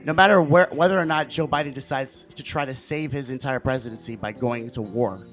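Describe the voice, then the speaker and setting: Guy ranting on his politics livestream, middle pitch, jumps loud then quiet, faint music under it. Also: steady tone, fairly quick. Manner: fervent, rambling, loud swings in volume. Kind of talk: casual political livestream commentary.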